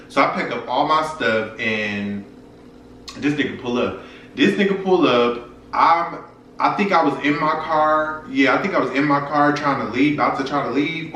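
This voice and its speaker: A man's voice: medium pitch, pushed and bright, far from the mic, slight background noise. A young man telling a personal story to his viewers in a frank, profane, casual way. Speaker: vlogger. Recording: echoey room, voice from off-mic.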